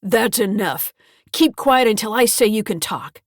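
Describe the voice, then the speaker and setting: A woman playing a mean, gruff old grandfather who talks in a gravelly, curt and bullying way. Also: on the high side, expressive, measured pace, no echo, studio quality.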